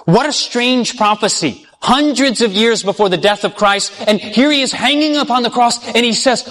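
A man with a high voice preaches a sermon and keeps drawing his listeners in with questions, letting them finish the verses. When he reads scripture he slows down and sinks low. His voice rings out with a long reverb, as in a large hall. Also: a bit bright. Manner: drops low and slow when reading scripture aloud.

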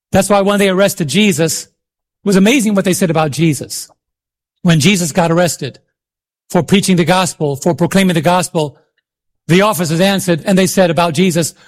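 A man preaching a sermon, impassioned and calling out questions to his congregation. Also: sits high. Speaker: pastor.

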